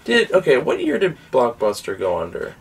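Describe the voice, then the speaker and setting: A man's voice: medium pitch, wildly swooping pitch, normal speed, vocal fry, recorded from a distance, slight background noise. A man co-hosting a casual chat show, telling jokey stories about movies he bought. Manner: chatty, jokey storyteller. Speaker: co-host.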